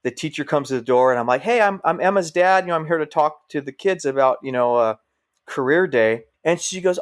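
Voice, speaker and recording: On a podcast, a middle-aged firefighter recounts stories in a relaxed way, speaking a little fast in a slightly high voice. He animates his tales by acting out the quoted speech of others.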